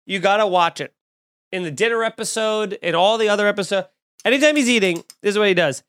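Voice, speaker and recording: A man's voice: high-pitched, fast, clean tone. A man hosting a podcast, ranting with jokes and swearing in casual chat. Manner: animated, profane, joking rants. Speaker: podcast host. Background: eating and drinking at the mic.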